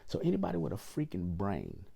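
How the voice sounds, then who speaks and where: Gravelly, low-voiced indignant man. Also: huge pitch swings, fairly quick, dark tone. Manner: indignant, emphatic, acts out quoted lines. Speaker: podcast host. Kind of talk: personal storytelling monologue.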